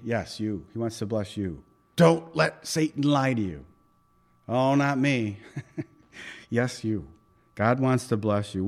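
Emphatic male pastor preaching. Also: medium pitch. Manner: emphatic, repeats key phrases, chuckles often. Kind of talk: sermon.

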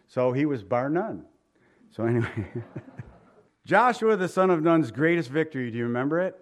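Higher-voiced joking male preacher. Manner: folksy and joking, with asides and chuckles; leans on repeated phrases and rhetorical questions. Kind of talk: sermon.

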